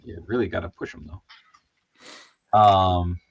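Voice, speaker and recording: A man hosting a casual chat while opening toys, excitable, laughing and swearing as he talks. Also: low voice, takes it slowly, gravelly, husky, lo-fi sound. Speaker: podcast host.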